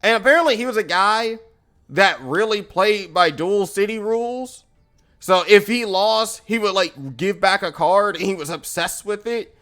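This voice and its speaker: A man's voice: high voice, moderate pace, a bit bright. A young man, a streamer, telling a story casually and animatedly, laughing often and acting out the people in it.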